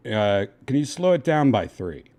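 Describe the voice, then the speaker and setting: A man hosting a casual livestream, coaxing and giving step-by-step instructions in a relaxed, chatty way. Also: fairly low pitch, normal speed. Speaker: livestream host.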